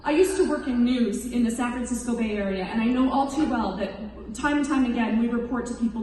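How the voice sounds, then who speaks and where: Speaking briskly with hardly any pauses, a woman in her thirties delivers an earnest, emotional testimony to an audience in a somewhat high, slightly mellow voice. The mic sits far from her, so a large hall's long, echoing reverb trails her words, with a faint hiss beneath.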